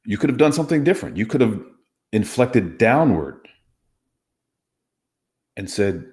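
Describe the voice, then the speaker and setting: A man's voice: lowish voice, very animated, a little slow, pauses often, a little mellow. A man, a former hostage negotiator, explaining communication skills in an emphatic, instructive way during an interview. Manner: emphatic, instructive, demonstrates inflections. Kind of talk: conversational teaching interview.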